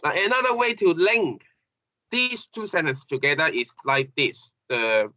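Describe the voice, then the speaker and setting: A man teaching an English grammar lesson, halting and repeating phrases with many fillers. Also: fairly high pitch, expressive, pushed and bright, dry recording. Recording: dull lo-fi classroom recording.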